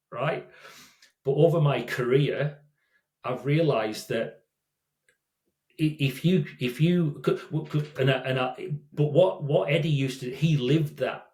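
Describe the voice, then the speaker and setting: A man's voice: medium pitch, steady tone, normal speed, darkish tone. An older man, a guest telling stories in a casual, rambling way with frequent restarts. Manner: rambling, many restarts and self-corrections. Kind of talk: casual storytelling. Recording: roomy echo.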